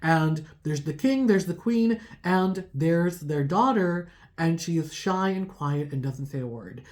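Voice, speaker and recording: A tarot reader retells a folk tale in loose, chatty speech, leaning on fillers and quick restarts. The delivery is informal and conversational throughout. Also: mid-range voice, lively intonation, a little mellow. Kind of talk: casual storytelling.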